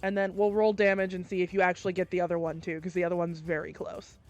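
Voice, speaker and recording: A woman narrating as game master in a casual, halting way with many fillers. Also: fairly low pitch, level tone, a little mellow, soft background music.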